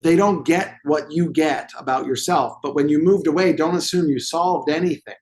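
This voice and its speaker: A man's voice: a little high, normal speed, darkish tone. A man telling a client story as a guest in an interview, acting out the dialogue with animation. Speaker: movement therapy expert guest.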